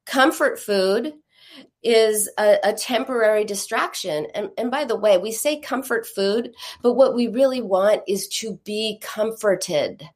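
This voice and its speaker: A woman giving a live teaching talk to an audience, telling stories in an earnest way with lively asides. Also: mid-range voice, measured pace. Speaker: teacher on emotional eating.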